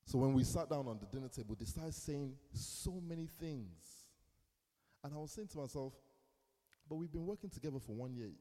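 A young male pastor preaching a sermon, telling a story with acted quotes and swinging between hushed asides and loud bursts. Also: mid-range voice, animated, moderate pace. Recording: long reverb in a hall.

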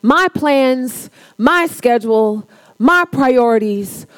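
Female preacher, high voice, conversational sermon storytelling, dry close sound. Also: lively intonation, takes it slowly, dry recording. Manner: conversational storytelling, addresses crowd as y'all. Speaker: pastor's wife preaching.

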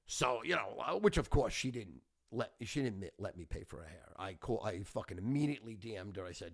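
A man's voice: lowish voice, expressive, fairly quick, gravelly, hardly any pauses. A middle-aged man hosting a podcast, telling stories in a brash, profane, boastful way. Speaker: podcast host. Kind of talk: casual storytelling monologue.

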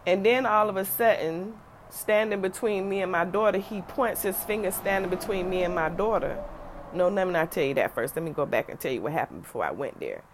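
A middle-aged woman telling a personal story in a lively way, acting out the voices of the people in it. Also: on the low side, brisk, slight background noise. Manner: animated, acts out other people's voices.

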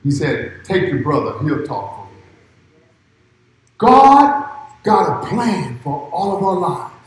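Man preaching, real high voice, yells in bursts then drops quiet, big echoey hall. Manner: shouts in rising bursts, drops low and quiet between. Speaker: pastor. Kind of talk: sermon.

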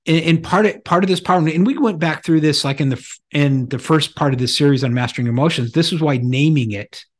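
A middle-aged man co-hosts a podcast in a relaxed, conversational way. He leans on personal anecdotes and often restarts his sentences as he thinks aloud. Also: on the high side, a little fast. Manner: storytelling with anecdotes, frequent restarts. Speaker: podcast co-host.

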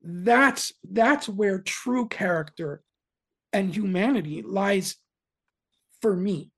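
A woman with an average-pitched voice talks as a guest on a casual podcast. She is earnest, and her phrasing is halting and full of restarts as she works toward her point.

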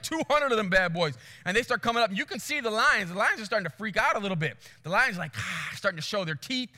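A man preaching a sermon, telling a story with animated swings from hushed to loud before reading scripture. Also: high voice, big-room sound. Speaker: pastor.

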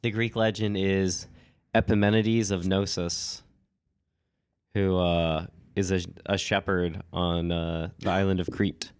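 A man co-hosting a podcast with a cold, telling stories in a relaxed chatty way with lots of "like" and small laughs. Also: low-pitched, slow pace, clear, resonant tone, no echo, clean studio sound. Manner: relaxed storytelling with frequent "like" and laughs. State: has a cold. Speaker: podcast co-host. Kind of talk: casual chat.

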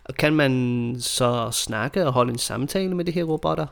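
A man hosting a podcast in casual chat, upbeat and curious, slowing down to spell things out for learners. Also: mid-range voice, vocal fry. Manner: upbeat, curious, slows down for learner-friendly phrasing. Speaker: podcast host.

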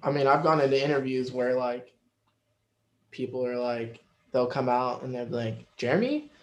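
A man guests on a casual podcast, talking at a mid pitch. He rambles in a chatty way, full of fillers and restarts. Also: little pitch movement, moderate pace, echoey room.

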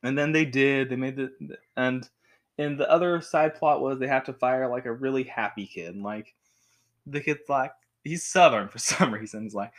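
A young man reviewing a show at home in a rambling, animated way, with frequent restarts. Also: mid-range voice, normal speed. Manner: rambling, animated, with many restarts and acted quotes. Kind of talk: casual talk to camera. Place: home with a cat.

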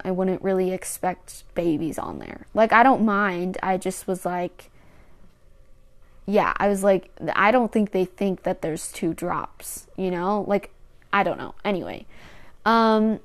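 A woman's voice: medium pitch, clear, resonant tone. A young woman hosting her own podcast, telling a rambling personal story in a casual, chatty way with lots of restarts. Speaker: podcast host.

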